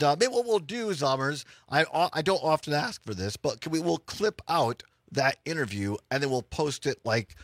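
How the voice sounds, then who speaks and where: A man's voice: medium pitch, no echo. A man from Wisconsin hosting a radio talk show, chatting casually and jokily with many restarts. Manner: rambling, jokey, restarts a lot.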